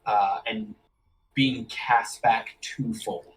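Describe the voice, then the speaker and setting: A man running a tabletop game as game master, talking in a relaxed way with many fillers. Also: on the low side, drawn-out words, slight background noise, poor audio.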